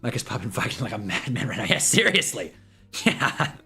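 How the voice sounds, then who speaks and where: A man's voice: medium pitch, very animated, brisk, gravelly, bright, forceful tone, slightly rough, soft background music. A man hosting a casual livestream watch-along, rambling and joking and laughing often. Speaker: livestream host.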